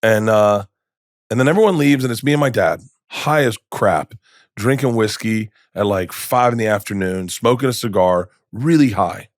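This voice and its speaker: A man's voice: on the low side, moderate pace, no echo, studio quality. A middle-aged man, a comedian guest, telling candid stories in a podcast interview, rambling and restarting, with emotion showing through.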